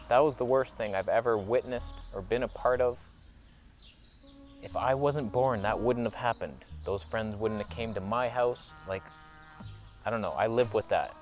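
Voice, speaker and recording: A man's voice: mid-range voice, a little mellow. Rambling, earnest man vlogging to camera. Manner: rambling, earnest, half-joking. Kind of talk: casual confessional monologue to camera.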